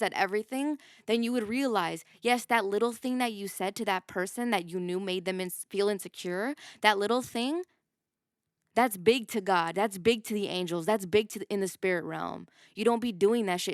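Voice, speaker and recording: A woman's voice: medium pitch, no echo, clean studio sound. A woman hosting a podcast, giving a casual, emphatic spiritual monologue, swearing and laughing as she goes. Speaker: podcast host.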